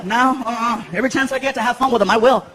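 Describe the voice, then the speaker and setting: A man performing a stand-up comedy set in a theater, telling animated stories and acting out other people's voices for laughs. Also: extremely high pitch, fast talker, a crowd in the background. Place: large theater stage before a live audience. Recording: live theater with loud audience laughter and room echo.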